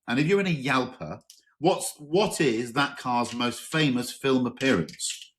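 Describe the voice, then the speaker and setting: A middle-aged English man hosting a car podcast in a relaxed, chatty way, telling enthusiastic anecdotes. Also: mid-range voice, moderate pace. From England. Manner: chatty, enthusiastic, tells anecdotes, exaggerated quoted voices. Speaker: podcast host. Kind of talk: casual chat.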